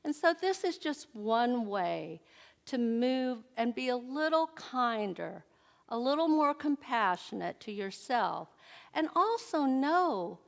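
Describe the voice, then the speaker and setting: A woman's voice: a little high, vocal fry. A middle-aged woman giving a conversational sermon at a church service, often putting questions to the audience. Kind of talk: inspirational sermon.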